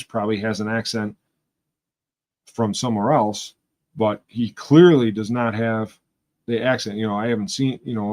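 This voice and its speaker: A rambling, chatty man from Western New York, hosting a live stream and talking straight to his viewers. His voice sits at an ordinary, mid-range pitch. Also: a little mellow. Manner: rambling, chatty, talks to chat. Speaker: livestream host. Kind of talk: casual chat with live viewers.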